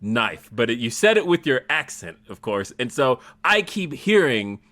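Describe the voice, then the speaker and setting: Guy hosting a podcast, bouncy animated voice, bright tone, laughs a lot. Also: medium pitch, normal speed. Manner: animated storytelling with frequent laughter. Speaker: podcast host. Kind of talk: casual podcast chat.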